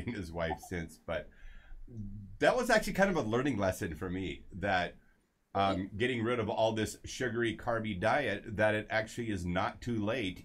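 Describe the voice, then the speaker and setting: A man's voice: on the low side, a bit bright. A man hosting a casual health talk show, telling a story with lots of asides and restarts. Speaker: show host.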